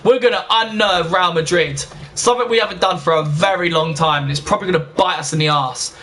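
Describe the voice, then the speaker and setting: A young man hosting a casual let's-play, chatting straight to his viewers and quick to get annoyed. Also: high voice, bright, forceful tone. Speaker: gaming channel host.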